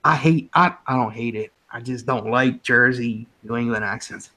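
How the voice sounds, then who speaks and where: A man's voice: mid-range voice, normal speed, bright, forceful tone. A man from the Philadelphia area hosting a casual chat, rambling and chatty, often breaking into laughs.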